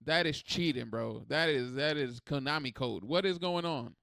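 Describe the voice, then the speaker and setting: A man hosting a reaction video, talking in a rambling, animated, swearing way. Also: on the high side, normal speed, creaky, smooth, no echo, clean studio sound. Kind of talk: casual reaction commentary.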